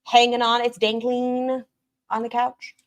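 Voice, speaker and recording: A woman reacting to clips on a stream, sarcastic and swearing freely, swinging from loud bursts to muttered asides. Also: fairly high pitch, monotone, unhurried. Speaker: commentary streamer.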